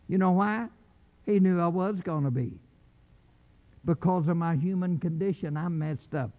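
An older man preaching a sermon with fervor, swinging from low quiet lines to shouted calls. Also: moderate pace, pauses often. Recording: muffled, echoey hall.

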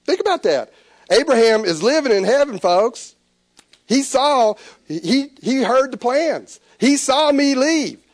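A man preaching a sermon, animated, with stammered restarts. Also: extremely high pitch, a little slow, dry recording, clean studio sound. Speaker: pastor.

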